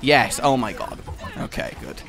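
A young man commentating a video game with friends, excitable and quick to shout and laugh. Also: medium pitch, vocal fry, a crowd in the background. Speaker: gaming YouTuber. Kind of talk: casual gameplay commentary with friends.

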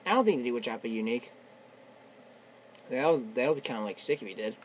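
A young man giving casual, excitable commentary while playing a video game, shouting and swearing, his voice worn from yelling. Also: mid-range voice, quick pace, slight background noise. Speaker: gamer. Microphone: tablet on a desk.

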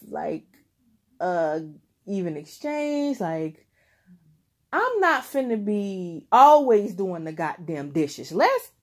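Slow-talking, laughing, profane tarot reader woman. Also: medium pitch, dark tone. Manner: profane, laughing often, speaking straight to the listener. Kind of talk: casual tarot reading to viewers.

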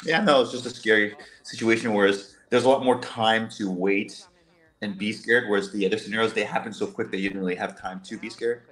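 A man chatting casually on a livestream about a game he played, relaxed and a bit hesitant. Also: on the low side, fairly quick. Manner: relaxed, hesitant, many fillers. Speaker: show participant.

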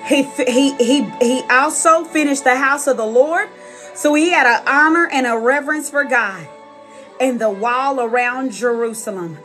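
High-voiced woman preaching with fervor. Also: moderate pace, a bit bright, faint music behind. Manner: passionate, calls the audience sis and y'all. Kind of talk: sermon on a live stream.

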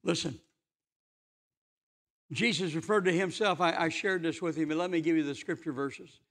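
A man's voice: a little high, moderate pace, a bit bright. A man preaching a fervent church sermon, emphatic and full of rhetorical questions. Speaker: pastor.

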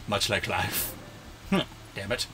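A man's voice: lowish voice, a little hiss or hum. A man co-hosting a let's-play video, chatting casually and laughing often as he plays. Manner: laughs often, lively and joking. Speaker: gaming co-host.

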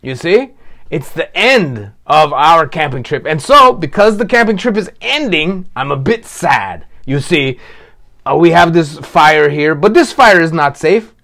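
Curtains, a man doing a bubbly high puppet. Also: very animated, unhurried, bright, forceful tone, heavily acted. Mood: wistful. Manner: bubbly, sing-song, talks to the audience. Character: excitable childlike puppet named Curtains. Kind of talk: children's puppet show.

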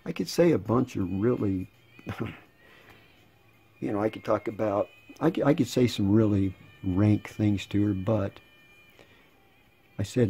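A man in his sixties with a low, gravelly, husky voice and a dark tone. He reads chat messages aloud in a casual way and adds dry, sarcastic asides. He rambles and restarts his words often. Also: a little slow, long pauses, faint music behind. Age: 60s. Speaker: channel host.

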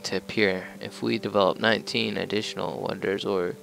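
A man's voice: on the low side, level tone, brisk, gravelly, fairly bright tone, a little hiss or hum, poor audio. A man giving casual gameplay commentary as a let's play gamer, joking, rambling and talking to the game as he plays.

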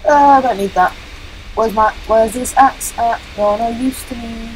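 A woman with a fairly high voice who talks slowly while commentating a game. She is jokey and mocks herself, and she breaks into shouts and little chants whenever the action heats up. There is faint music underneath. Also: poor audio. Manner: jokey, self-mocking. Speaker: gaming channel host. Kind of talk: let's play commentary.

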